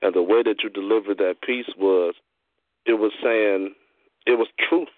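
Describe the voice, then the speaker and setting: A man hosting an online poetry cypher, praising performers warmly and at length. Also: lowish voice, steady tone, moderate pace, dry recording. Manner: effusive, repetitive praise. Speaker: host. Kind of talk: casual chat. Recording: tinny phone line.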